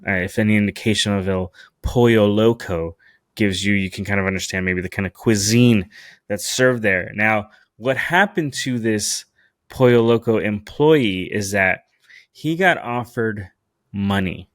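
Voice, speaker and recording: Profane, animated man telling a story. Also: fairly low pitch, measured pace, no echo, clean studio sound. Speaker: podcast host. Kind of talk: solo storytelling podcast.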